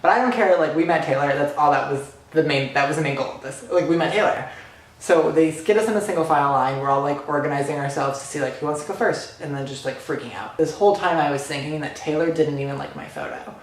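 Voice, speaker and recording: A man vlogging an excited personal story, animated and dramatic, full of "like" and "literally.". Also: on the high side, fast talker. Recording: echoey room.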